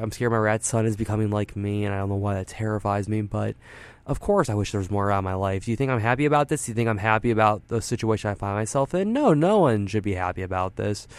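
A man's voice: on the low side, vocal fry, smooth, no echo. A man voicing a weary, anxious rat father who stammers through his complaints. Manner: halting, stammering, glum.

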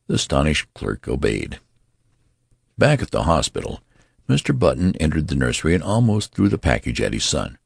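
A man narrating a story as an audiobook, with measured, expressive storytelling. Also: rumbling low, gravelly, husky, no echo, studio quality.

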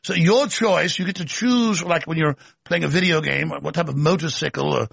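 A man's voice: on the high side, moderate pace, gravelly, a bit bright, breathy edge, no room sound. A male host delivering a combative, scornful political commentary monologue.

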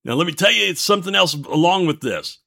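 A man's voice: high-pitched, animated, brisk, vocal fry, bright, forceful tone. A man in his fifties, the show's host, sharing a faith testimony between songs in an earnest, folksy, preacher-like way. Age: 50s.

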